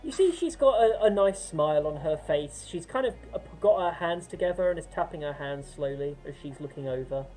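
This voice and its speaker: A woman narrating as game master in a tabletop game, relaxed and laughing often. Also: low voice, brisk, few pauses, poor audio.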